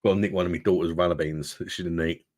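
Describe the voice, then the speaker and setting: A very deep-voiced man hosts a relaxed live chat from home, dropping swear words and calling everyone mate. His voice sits close and dry on the mic, with no room sound around it. He talks in an easygoing, rambling way. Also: fast, no echo. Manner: chatty, swears freely, calls viewers mate. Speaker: livestream host reading chat.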